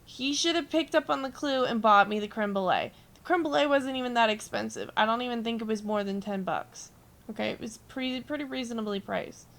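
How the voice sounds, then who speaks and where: Young female streamer, gravelly, slightly high voice, rambling and profane while she plays. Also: a little fast, a bit bright. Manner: rambling storytelling, swears freely, chats with viewers. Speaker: gaming streamer. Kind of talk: casual chat while gaming.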